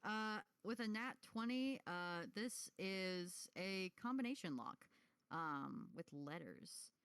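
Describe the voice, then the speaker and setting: Slow, halting woman game master. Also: lowish voice, lively intonation, a bit bright, clear, resonant tone, no room sound. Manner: halting, full of fillers, giggly. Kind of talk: casual tabletop role-play narration.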